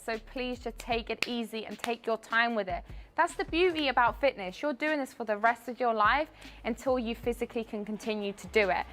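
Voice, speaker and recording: A woman's voice: a little high, fairly bright tone, a little hiss or hum. A woman fitness coach explaining an exercise and giving an upbeat, encouraging pep talk. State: out of breath.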